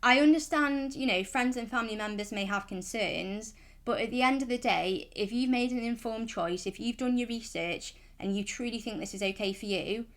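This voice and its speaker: A woman's voice: on the high side, normal speed, a bit bright. Chatty woman giving frank advice. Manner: chatty, rambling, frank and reassuring. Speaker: vlogger. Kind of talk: casual advice vlog.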